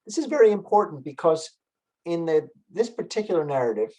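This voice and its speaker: A man's voice: fairly high pitch, very animated, fairly quick, darkish tone, low-quality recording. Male music lecturer, explanatory, checks in with his audience. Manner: explanatory, asks the audience questions. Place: library event.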